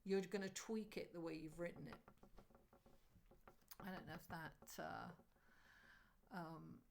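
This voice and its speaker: A woman's voice: lowish voice, slow pace, vocal fry, slight background noise. Chatty woman reading tarot live. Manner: animated, chatty, addresses viewers directly. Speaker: astrologer and tarot reader.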